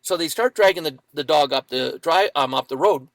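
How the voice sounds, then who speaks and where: A man in his fifties telling a dramatic personal story as a podcast guest, with lively acted-out quotes. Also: fairly high pitch, a little fast, vocal fry, dry recording.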